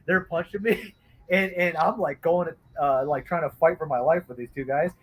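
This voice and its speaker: Brief: husky, slightly high man, lively storyteller on a chill stream, does voices. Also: moderate pace, poor audio. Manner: acts out voices in his stories, loud whoops. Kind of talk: casual chat, animated storytelling.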